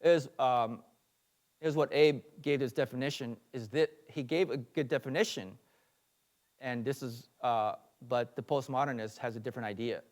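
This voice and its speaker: A man's voice: medium pitch, fairly even intonation, normal speed. Earnest man teaching a sermon. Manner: earnest lecturing with fillers and asides. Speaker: pastor.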